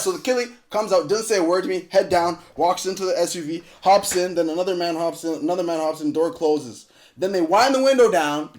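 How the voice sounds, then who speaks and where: A young man with a high voice rattles off a story at a rapid clip. He is a podcast guest in casual talk, cursing freely and acting out every voice in the tale. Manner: animated, profane, acts out quotes.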